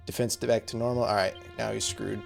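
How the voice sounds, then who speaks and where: A man giving relaxed, chatty commentary on a game playthrough, with faint game music behind. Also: lowish voice, fairly quick, creaky. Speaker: gamer.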